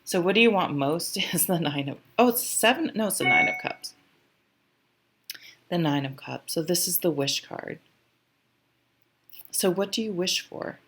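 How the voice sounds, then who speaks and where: A woman's voice: lowish voice, expressive, unhurried, long pauses, a bit bright, slight background noise. A woman giving a casual tarot reading to camera, chatty and rambling, getting emotional at times and swearing freely. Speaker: tarot reader.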